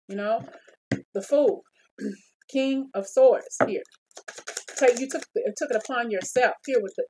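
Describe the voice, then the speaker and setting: A woman's voice: on the high side, slight background noise, poor audio. Woman giving a casual tarot reading. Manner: talks straight to the listener, repeats phrases, stops and starts. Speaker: tarot reader.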